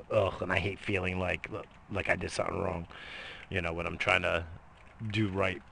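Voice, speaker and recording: A man's voice: deep voice, flat delivery, normal speed, vocal fry, bright, forceful tone, a little hiss or hum. A middle-aged man in a casual, rambling monologue, swearing freely and coughing between lines. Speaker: vlogger.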